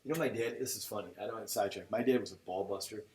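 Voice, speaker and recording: A man's voice: on the low side, rapid-fire. A middle-aged man, co-hosting a casual podcast, rambling through stories and acting out what people said, with plenty of swearing. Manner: rambling storyteller, profane, quotes people in dialogue. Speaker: podcast co-host. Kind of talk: casual chat. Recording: roomy echo, mic set back, faint noise.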